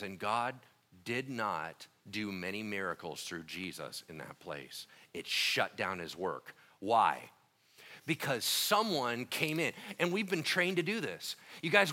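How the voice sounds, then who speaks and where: A man preaching a sermon in a casual, slangy, conversational way, swinging between quiet stretches and loud, emphatic ones. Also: sits high. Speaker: pastor.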